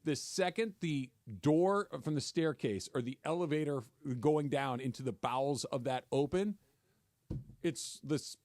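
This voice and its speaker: A man's voice: a little high, a little slow, darkish tone, no room sound. A man hosting a sports radio show, telling stories and reading out news items in a casual chat. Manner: storytelling, reads news items aloud. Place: radio studio.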